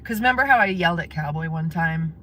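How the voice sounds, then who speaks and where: A woman's voice: fairly low pitch, expressive, quick pace, sharp tone, slight background noise. A woman live-streaming from her car, chatting casually with viewers and laughing often. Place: in a parked car.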